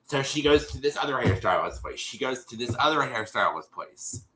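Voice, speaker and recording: A man's voice: mid-range voice, expressive, moderate pace, sharp tone, roomy sound, a little hiss or hum, low-quality recording. A man co-hosting a casual livestream, retelling a TV episode in a rambling way and acting out the quotes. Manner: rambling, restarts often, acts out quotes. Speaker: co-host recapping a TV episode.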